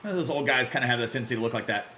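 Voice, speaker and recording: A man hosting a casual live game stream, greeting viewers by name and reacting loudly to big plays. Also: mid-range voice, very fast, roomy sound, slight background noise. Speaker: livestream gamer.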